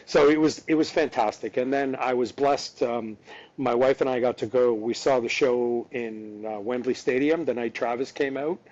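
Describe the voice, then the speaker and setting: Man, fifties, podcast guest, excitable storyteller, frequent restarts, slightly muffled audio. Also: mid-range voice, moderate pace. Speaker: podcast guest, dance dad. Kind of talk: casual storytelling chat.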